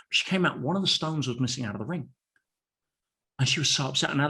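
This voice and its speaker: A male podcast guest speaks in an animated, anecdotal manner, often doubling back on his words. His voice sits at a middle pitch. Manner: animated, anecdotal, with frequent restarts. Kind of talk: casual storytelling interview.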